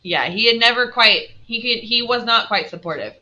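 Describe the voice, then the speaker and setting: Bright, expressive woman teacher reading aloud. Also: on the high side, moderate pace, lo-fi sound. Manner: expressive, stops to quiz students. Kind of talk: reading a novel aloud to a class.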